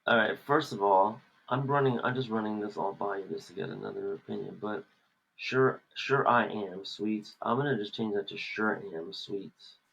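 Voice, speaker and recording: Podcast co-host, man, low and gravelly, easygoing working chatter, faint noise. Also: moderate pace, a bit bright, dull audio. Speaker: comic artist and podcast co-host. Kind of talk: casual chat while lettering a comic page.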